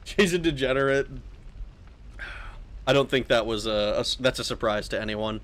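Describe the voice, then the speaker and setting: A man's voice: medium pitch, expressive, moderate pace, long pauses, a bit bright. A young man casually commentating a game stream, joking crudely and laughing often.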